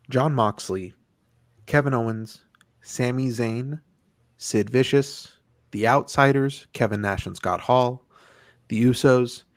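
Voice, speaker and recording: Male co-host, crude and blunt, even mid voice, dead-dry room. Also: mid-range voice, no room sound. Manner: blunt, crude joking, reads lists steadily. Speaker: podcast co-host. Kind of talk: casual debate chat.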